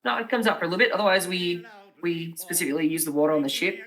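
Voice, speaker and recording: A man's voice: high voice, rapid-fire, a bit bright. A man playing a tabletop role-playing game, in character, rambling and hesitant with lots of fillers.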